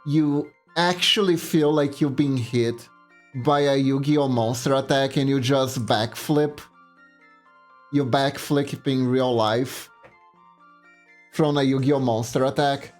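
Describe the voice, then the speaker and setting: A man chatting casually on a livestream, telling a story in a rambling, animated way. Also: medium pitch, slow pace, faint music behind. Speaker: streamer.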